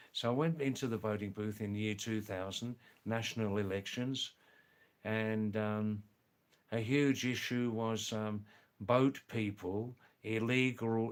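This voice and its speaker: A middle-aged man from Australia, hosting a casual livestream and talking back to viewers, emphatic and repeating his key points. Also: fairly low pitch. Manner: emphatic, repeats key phrases, frequent ums. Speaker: livestream host.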